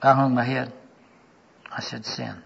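An older man preaching a sermon, telling personal stories and acting out the dialogue in them, earnestly, often dropping to a hushed voice for the personal moments. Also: high-pitched, lively intonation, normal speed, slightly rough. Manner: storytelling, acts out quoted dialogue with his voice. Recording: dull lo-fi recording.

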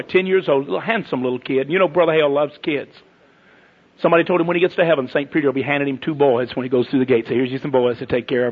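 Male preacher, husky and a touch high, folksy storyteller, dull lo-fi tape. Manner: folksy storytelling, swings from loud to hushed. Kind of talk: sermon to pastors.

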